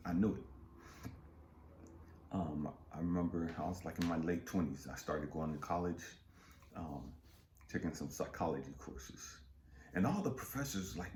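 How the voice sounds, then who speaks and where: A middle-aged man giving an impassioned motivational monologue. He is blunt and profane, repeats lines for emphasis, and swings between low murmurs and fired-up outbursts. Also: a little mellow, roomy sound, a little hiss or hum. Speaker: motivational speaker.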